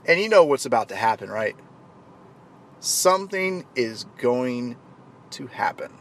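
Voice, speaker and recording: A man telling a motivational story in an animated way, acting out the shouting voices of the people in it. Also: mid-range voice, a little slow. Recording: clear traffic noise.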